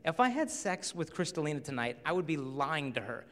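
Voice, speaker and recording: A young man giving a lively, story-driven talk to a crowd of teenagers. He slips into the voices of the people in his stories as he goes. His voice sits a little high and rings out with the long echo of a big hall. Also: a little fast. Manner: animated storyteller who acts out voices. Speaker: chastity speaker. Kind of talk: live talk to a young audience. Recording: reverberant hall.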